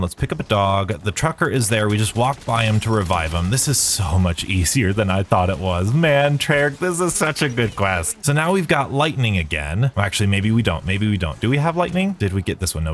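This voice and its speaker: A man giving chatty, excitable commentary while playing through a game quest, explaining each step as he goes. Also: fairly low pitch, slight background noise. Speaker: gaming video creator. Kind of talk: live gameplay commentary.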